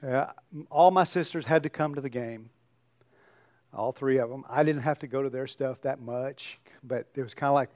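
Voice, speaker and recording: A man's voice: mid-range voice, normal speed, a little mellow, dry recording. An older man, a pastor, giving a sermon in a conversational storytelling way with joking asides.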